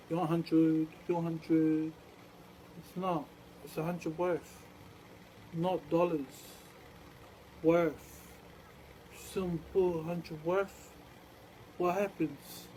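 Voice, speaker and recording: Guy with a high mellow voice rambling on, repeats himself a lot. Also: slight background noise, poor audio. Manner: rambling, repeats phrases, acts out others' lines. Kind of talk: rambling storytelling monologue.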